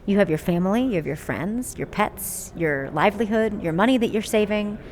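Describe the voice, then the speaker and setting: A woman, a security expert guest on a podcast, explaining with fast, confident emphasis. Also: mid-range voice, lively intonation, darkish tone. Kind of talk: podcast interview.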